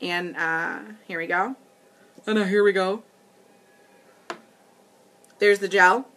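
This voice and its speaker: A makeup demonstrator hosts a live tutorial, chatting casually with viewers in a steady, medium-pitched, slightly bright voice at a slow pace. Giggly and easily amused, she laughs often and talks straight to her audience.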